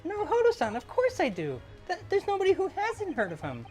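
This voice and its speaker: A gamer voicing a polite, eager young woman assistant in a raised, bright voice. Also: extremely high pitch, huge pitch swings, brisk, soft background music, pitched above the performer's own voice, full character voice. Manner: earnest, eager. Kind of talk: fan voice-over of a game.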